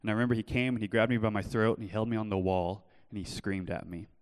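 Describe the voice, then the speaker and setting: Young guy preaching in church, low-ish voice, earnest, big echoey hall. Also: flat delivery, fast talker, clean tone. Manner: earnest, shifts from loud storytelling to soft pleading. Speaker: pastor. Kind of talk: sermon with personal testimony.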